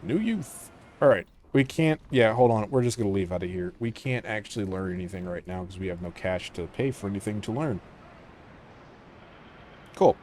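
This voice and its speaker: A man giving casual commentary on a strategy game, mumbling to himself and trailing off into quiet asides. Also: on the low side, normal speed, a little hiss or hum. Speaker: gaming channel host.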